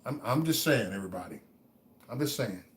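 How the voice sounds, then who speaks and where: On his livestream, a man with a fairly low, expressive voice talks a little fast as he motivates his chat. He keeps repeating phrases, stumbles over individual words, and shifts back and forth from quiet reflection to loud preaching.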